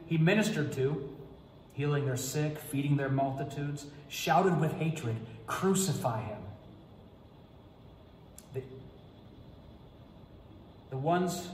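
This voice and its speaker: A man preaching as pastor in a Good Friday sermon, reading scripture in a slow, measured, solemn way. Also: a little high, a little mellow, a little hiss or hum. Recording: echoey church hall reverb.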